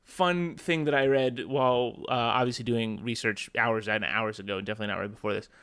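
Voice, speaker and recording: A man's voice: medium pitch, steady tone, a little fast, a bit bright, clean tone. A man co-hosting a podcast, joking in casual chat and laughing often. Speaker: podcast co-host.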